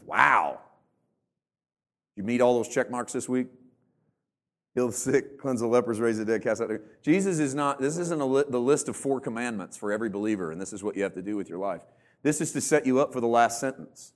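In an animated, mid-range voice at a moderate pace, a man preaches to his church as its pastor. He pokes fun at himself and plays out church members using put-on voices.

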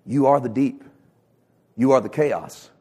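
A male pastor delivering a sermon with passion, swinging from loud bursts to hushed lines and repeating words as he builds emphasis. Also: mid-range voice, unhurried, husky. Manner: impassioned preaching with sharp swings from loud to hushed.

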